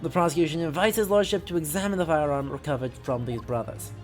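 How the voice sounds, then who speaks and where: A woman voicing a cold, pompous male prosecutor who speaks in a haughty, measured way. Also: low-pitched, a little mellow, soft background music, lightly acted.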